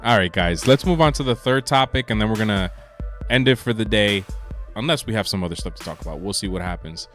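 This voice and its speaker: A man's voice: lowish voice, animated, fast talker, over music. A man co-hosting a podcast in a casual sports chat, brash and teasing, often talking over his co-host.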